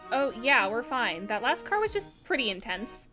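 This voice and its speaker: A woman's voice: on the high side, big pitch swings, normal speed, pushed and bright, soft background music. A woman voicing an earnest, friendly young girl in a live fan dub, a little nervous.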